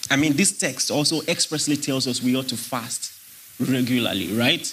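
A man's voice: mid-range voice, moderate pace, a bit bright, slight background noise. A man preaching a sermon, emphatic and questioning his congregation as he teaches. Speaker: pastor.

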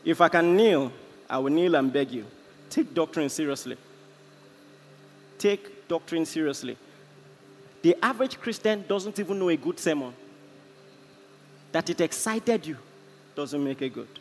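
A man's voice: fairly high pitch, animated, measured pace, pauses often, slight background noise. A man with a Nigerian accent preaching a sermon in an impassioned, storytelling way. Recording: echoey hall, faint ambience.

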